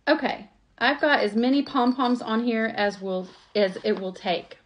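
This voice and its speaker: A craft vlogger, sitting at her home table with a project, keeps up a chatty live tutorial, teasing herself and calling viewers y'all. Her voice is a little high and unhurried.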